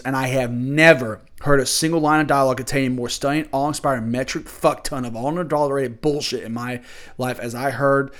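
Heated, profane male podcast host. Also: medium pitch. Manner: heated, profane, rambling with restarts. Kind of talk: casual solo commentary.

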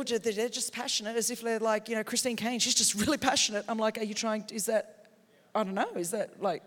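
An Australian woman preaching a sermon, telling stories with passion and breaking into shouts. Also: on the high side. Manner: passionate, storytelling, bursts into shouts. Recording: long hall reverb in a big venue.

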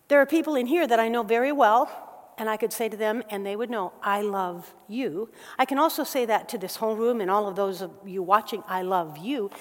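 A woman preaching a sermon to a church gathering, moving between soft, slow passages and loud, quick bursts. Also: mid-range voice. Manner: animated, swings from soft and slow to loud and fast. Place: church hall. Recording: long hall reverb.

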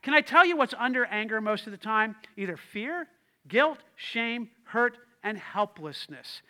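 A man, the lead pastor, preaching a lively sermon, acting out quoted voices and shouting in bursts. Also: high-pitched, a little slow.

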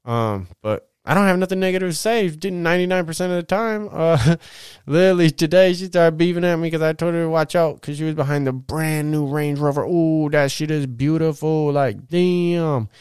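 A man's voice: fairly high pitch, moderate pace, a little mellow, clean tone, no room sound, clean studio sound. A man hosting a podcast, telling his own story in a candid, rambling way, swearing often and ending lines with "man". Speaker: podcast host. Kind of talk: casual monologue.

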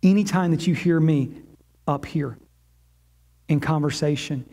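A man with a high voice preaching a sermon in a church. He builds his phrases through emphatic repetition and speaks as the pastor addressing his congregation. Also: measured pace, dark tone. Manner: emphatic preaching, repeating words for effect.

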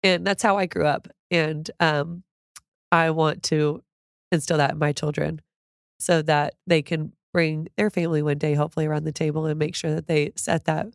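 A woman's voice: deep voice, little pitch movement, normal speed, gravelly, no echo, clean studio sound. A woman in her thirties, a food creator, talking earnestly as a podcast guest, with fillers and an open, heartfelt manner. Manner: warm, earnest, gets emotional at times. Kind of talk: conversational interview.

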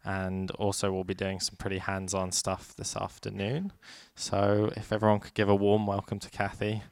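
A man's voice: on the low side, monotone, normal speed, gravelly, a little hiss or hum. A man introducing a guest speaker at a live seminar, in informal, loose phrasing. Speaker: event committee chair introducing the speaker.

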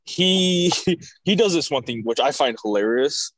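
A man's voice: mid-range voice, animated, measured pace, a bit bright, no echo. A young man chatting and telling stories in a loose, amused way, with plenty of casual swearing. His voice is recorded close and dry, with no room sound. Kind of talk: casual storytelling chat.

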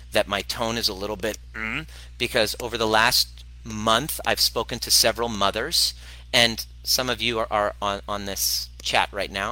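Blunt, passionate man with a bright voice. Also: on the low side, rough recording. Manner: blunt, passionate, swearing, laughing often. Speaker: former chiropractor turned wellness video host. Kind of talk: direct-to-camera talk answering a viewer question.

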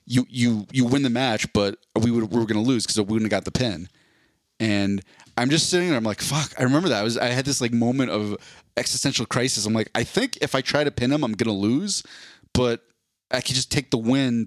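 The voice here is fairly low, belonging to a podcast host in his forties who rambles through a long, casual story with swearing, fillers, and restarts. The recording is dry and studio quality.

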